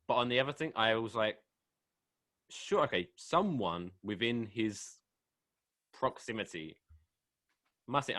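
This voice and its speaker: Lively Essex-accented man, bright tone. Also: mid-range voice, unhurried, pauses often, no echo, clean studio sound. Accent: Essex English. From England. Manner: laid-back, swears freely, laughs along. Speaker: podcast co-host. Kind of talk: casual chat.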